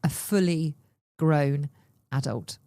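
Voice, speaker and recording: A woman's voice: low voice, takes it slowly, warm tone, no echo. A woman, co-hosting a podcast and chatting casually, telling stories and acting out the people in them. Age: 40s. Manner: chatty storyteller, acts out quoted people, swears casually. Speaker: podcast co-host. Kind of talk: casual chat.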